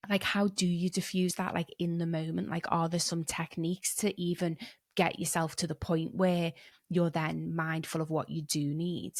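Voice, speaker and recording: A woman's voice: on the low side, level tone, normal speed, no echo, clean studio sound. A woman hosting a podcast, asking thoughtful, musing questions with a rising lift. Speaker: podcast host. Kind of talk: conversational interview questions.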